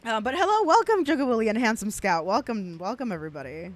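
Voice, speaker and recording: A South Texas woman in her twenties, speaking with a South Texas accent, reacts to clips on a stream with blunt, profane commentary. She talks fast in an animated voice on the high side, full of laughing asides and rambling restarts.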